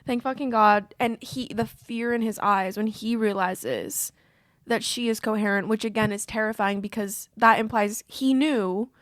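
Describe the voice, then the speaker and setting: A woman co-hosting a casual film-review podcast, retelling scenes in an emotional, expressive way and close to tears. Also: mid-range voice, unhurried, no room sound. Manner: emotional, openly upset, near tears. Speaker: podcast co-host.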